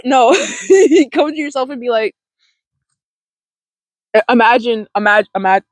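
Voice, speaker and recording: A self-help host talking casually to camera, rambling with fillers and laughs, gentle and encouraging. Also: mid-range voice, very animated, measured pace, long pauses, no echo, rough recording.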